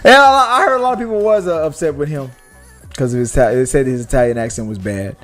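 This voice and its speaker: With soft music in the background, a young podcast host talks quickly in a voice on the high side. His casual chat rambles, full of animated energy, profanity and restarts.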